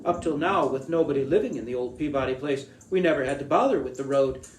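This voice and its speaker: A man's voice: mid-range voice, quick pace, a little hiss or hum, close to an everyday voice. A prim, middle-aged small-town real estate man, as a storyteller puts him on. He talks formally and fussily, counting off his points one after another. The reading has a roomy echo. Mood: fussy. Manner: fussy, formal and long-winded.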